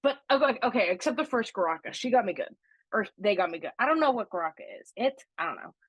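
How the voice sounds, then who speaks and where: A woman co-hosting a podcast, gushing and excitable as she tells stories in casual chat. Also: fairly high pitch, fast, breathy edge, no echo, muffled recording. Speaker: podcast co-host.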